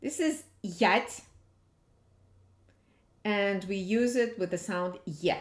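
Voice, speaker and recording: Very slow-speaking woman teaching pronunciation. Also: medium pitch. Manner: patient, repeats sounds slowly to demonstrate. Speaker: language teacher. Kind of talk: slow alphabet lesson. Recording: echoey room.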